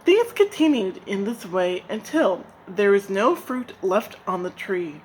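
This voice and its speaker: A woman from Nigeria reading a folk tale aloud in a slow, gentle, expressive way. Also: medium pitch, a little hiss or hum, rough recording. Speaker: storyteller. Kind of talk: storybook narration.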